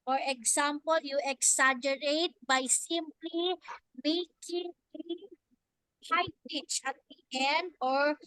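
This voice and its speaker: Slow, patient high-voiced woman teacher. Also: fairly bright tone, no echo, poor audio. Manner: slow, patient, repeats questions to students. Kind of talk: online grammar lesson.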